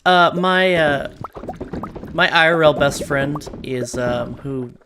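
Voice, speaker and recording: A woman's voice: low voice, slow pace. Chatty woman streamer over noisy audio. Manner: hesitant, filler-heavy, storytelling. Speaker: streamer host. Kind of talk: casual gameplay chat.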